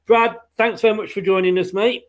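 A man with a high voice hosts a football podcast. He talks in an upbeat, chatty way with a laugh always close by. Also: steady tone, normal speed. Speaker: podcast host. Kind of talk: casual football podcast chat.

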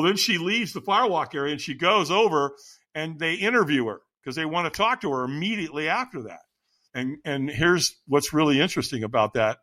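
A man who works as a firewalk instructor, telling excited stories in an interview and acting out quotes with lots of laughter. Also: a little high. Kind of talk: animated storytelling.

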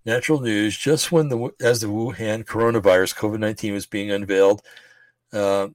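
A man's voice: fairly low pitch, fairly even intonation, brisk, no room sound. A man rambling through religious commentary on a livestream, slightly out of breath, full of fillers and restarts. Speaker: podcast host.

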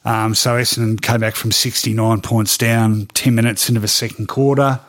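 A middle-aged sports journalist with an Australian accent, telling lively stories in an interview and laughing between them. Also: male voice, on the low side, moderate pace. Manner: lively anecdotal, with frequent ums and laughs. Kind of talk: animated storytelling in a podcast interview.

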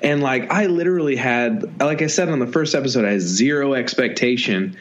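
Excited guy cohosting a podcast, rambles a lot, kinda muffled lo-fi audio. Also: mid-range voice, brisk. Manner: enthusiastic, rambling, self-deprecating. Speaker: podcast co-host. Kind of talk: casual podcast chat.

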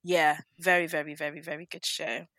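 A woman's voice: sits low, little pitch movement, a little fast, fairly bright tone, dry recording. A woman chatting casually about a TV show, stressing her opinions by repeating words. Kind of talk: casual chat reviewing a TV show.

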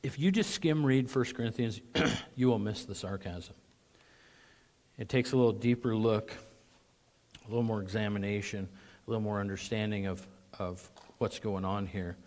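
Animated male preacher, throat clearing. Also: on the low side, moderate pace. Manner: animated, voice rising to mock sarcasm, frequent throat clearing. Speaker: pastor. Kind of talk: sermon.

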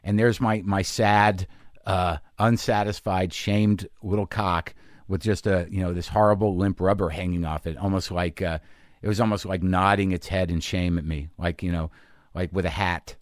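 A middle-aged man hosting a podcast, telling a candid comic story in a halting, confessional way full of fillers. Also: deep voice, steady tone, no echo, studio quality. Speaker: podcast host and comedian.

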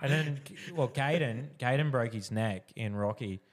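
Easygoing Australian man chatting with mates. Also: mid-range voice. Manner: relaxed, says "like" a lot, quick to laugh. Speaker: podcast co-host. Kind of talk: casual chat.

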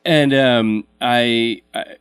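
A man hosts a podcast interview, talking casually and backing up now and then to explain. His voice is mid-pitched and ordinary for a man. The sound is dry and close to the mic. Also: fairly even intonation, extremely slow, fairly bright tone, clear, resonant tone, no room sound. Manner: conversational, backs up to explain. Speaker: podcast host.

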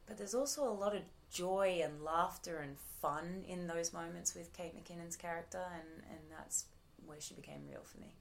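A woman's voice: fairly low pitch, moderate pace, hardly any pauses, a little hiss or hum. A woman in her thirties with an Australian accent, chatting casually as an interview guest, full of fillers and restarts. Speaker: actress guest.

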